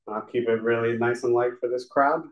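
A man's voice: mid-range voice, fairly even intonation, fairly quick, low-quality recording. A man telling his recovery story to a live audience in a room, rambling and heartfelt, with many restarts. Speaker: speaker sharing a recovery story. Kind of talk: personal testimony to a live audience.

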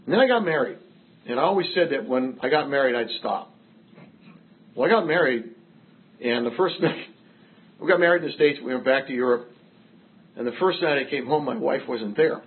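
A man's voice: medium pitch, lively intonation, a little fast, long pauses, phone-quality sound. An older man from Massachusetts telling a personal recovery story to a group with wry, self-mocking humor. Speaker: recovery speaker.

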